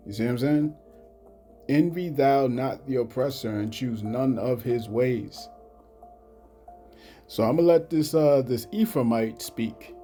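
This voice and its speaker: A man giving a religious commentary, speaking haltingly and often repeating "you know what I'm saying" between points. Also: mid-range voice, mellow. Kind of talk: scripture commentary vlog.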